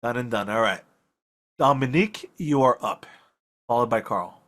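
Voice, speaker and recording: A man's voice: medium pitch, lively intonation, normal speed, fairly bright tone. A man running a tabletop game as game master, speaking in an easygoing, reassuring way.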